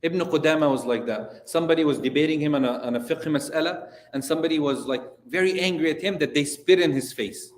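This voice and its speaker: A male imam teaches a lesson in a slightly high voice, telling stories animatedly and putting questions to his listeners. The roomy echo of a mosque hall surrounds him. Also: fast talker, hardly any pauses. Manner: animated, storytelling, asks the audience questions. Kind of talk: religious lesson.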